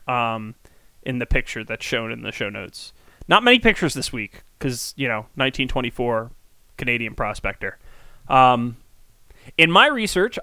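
A man's voice: mid-range voice, bright, forceful tone, smooth, no room sound. A man co-hosting a podcast in casual, rambling chat with lots of ums. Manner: chatty, rambling with many ums. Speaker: podcast co-host.

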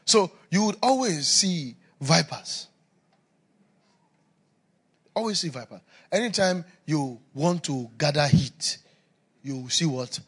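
A man preaching a sermon, telling stories with laughter and swinging between loud emphasis and quiet asides. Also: mid-range voice, breathy edge.

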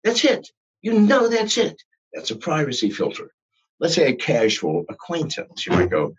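Very husky, animated ranting man. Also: a little high, moderate pace, muffled recording. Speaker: podcast guest. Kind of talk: podcast interview.

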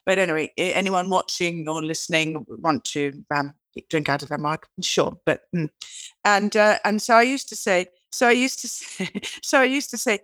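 Animated British woman telling stories. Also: fairly low pitch, moderate pace, no room sound. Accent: British English. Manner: animated storyteller who acts out quoted lines; chatty, restarts and repeats words. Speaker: guest author. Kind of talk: interview conversation.

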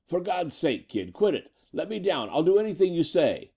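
A man's voice: on the high side, sing-song, normal speed, warm tone, slightly rough, pitched above the performer's own voice, full character voice. A man voicing a brutal gangster boss, pleading in panic. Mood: panicked pleading.

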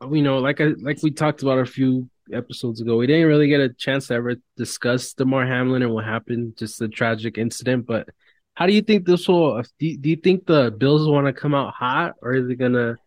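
Brisk and mid-range, this man's voice comes through a dry recording as he co-hosts a sports podcast. He's casual, animated and profane, swearing heavily while venting about and mocking announcers.

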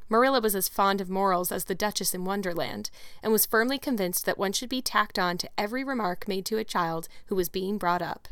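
A woman narrating a classic novel as an audiobook in a calm, even storytelling manner. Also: mid-range voice, fairly quick, smooth, dry recording, studio quality. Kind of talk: scripted narration.

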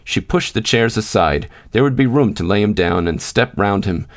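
A man reading a short story aloud in a measured, unhurried narration. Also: lowish voice, expressive. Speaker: podcast host and reader. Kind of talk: scripted narration.

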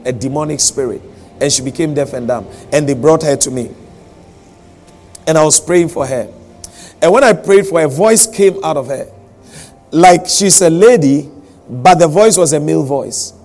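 A man preaches a sermon, pressing his points and repeating them for weight. His voice sits a little high for a man. Faint music runs beneath his words. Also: darkish tone. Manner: emphatic, repeats key lines, acts out quotes. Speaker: pastor.

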